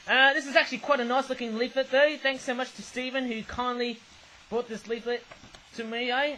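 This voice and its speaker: A young man with a very high, sharp voice rambles through a casual toy review, ending his phrases with a questioning "eh?". The recording is rough, with slight background noise.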